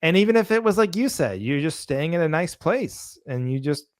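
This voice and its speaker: A fairly high-voiced man chatting on a comedy podcast with a loose, rambling delivery. He tells stories with plenty of energy and pops up into an even higher pitch whenever he mimics other people. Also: normal speed. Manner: animated storytelling, acts out others' lines in a higher voice. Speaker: podcast co-host. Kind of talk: casual comedy podcast chat.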